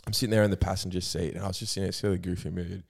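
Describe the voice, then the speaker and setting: A man, co-hosting a casual chat show. His voice sits a little low, and he laughs often through his storytelling. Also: flat delivery, rapid-fire, creaky. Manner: laughs often while telling stories. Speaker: podcast co-host.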